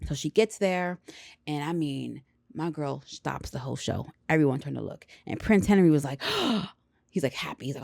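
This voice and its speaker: A woman casually recapping a film with lots of slang and quick acted-out character lines. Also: lowish voice, very animated, gravelly, a little mellow, no echo, studio quality. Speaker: movie reviewer.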